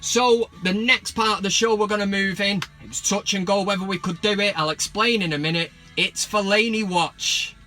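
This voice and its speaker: A man's voice: high voice, a little fast, hardly any pauses, faint music behind. A man, ranting about football in a sarcastic, sweary, comic way. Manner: sweary, sarcastic, bursts of mock excitement. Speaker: football vlogger. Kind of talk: casual comic rant.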